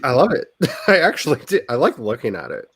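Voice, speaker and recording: A man's voice: medium pitch, very animated, a little fast, fairly bright tone, breathy edge, dry recording. Man, livestream host, chatty, rambling, dry close sound. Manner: chatty, self-deprecating, rambling. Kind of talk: casual chat.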